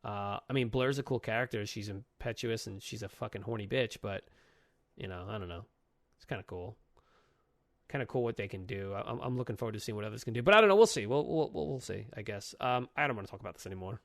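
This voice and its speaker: Young dude ranting about comics, cusses a ton, voice bounces all over, super dry mic. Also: male voice, on the low side, quick pace, no room sound. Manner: profane, animated, acts out characters' lines. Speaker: podcast co-host. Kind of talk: casual comic book review chat.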